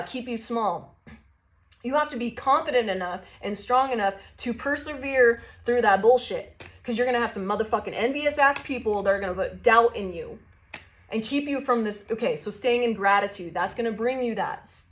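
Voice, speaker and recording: A woman with a slightly high voice gives a tarot reading like a fired-up pep talk. She swears freely, leans hard on her emphasis and breaks into laughter often. It sounds casual and personal. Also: lively intonation, normal speed. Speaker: tarot reader.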